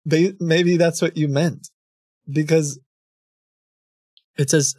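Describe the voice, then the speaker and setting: A man streamer with a fairly high voice, amused as he reads chat and messages aloud. The sound is dry and close to the mic. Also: fairly even intonation, slow pace, pauses often, a little mellow, dry recording. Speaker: streamer baiting a scammer.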